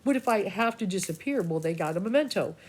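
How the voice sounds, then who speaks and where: A woman's voice: medium pitch, expressive, quick pace, a little mellow. A woman psychic reader talking to her viewers in a rambling personal monologue, casual, swearing freely and restarting her sentences often. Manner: scattered, full of restarts and asides.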